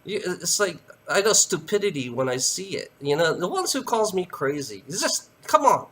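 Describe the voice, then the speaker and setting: A man's voice: sits high, big pitch swings, normal speed, a bit bright, a little hiss or hum. A man delivering a heated, profane ranting monologue to camera, repeating himself and tagging lines with "you know".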